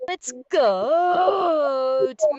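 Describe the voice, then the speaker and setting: Squeaky, crawling, wailing mad AI girl, dull lo-fi sound. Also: lively intonation, extremely slow, darkish tone, no echo, exaggerated voice. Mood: delirious. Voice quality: stretched, wailing vowels. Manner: frantic, nonsensical. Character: delirious female AI persona gone mad, frantic.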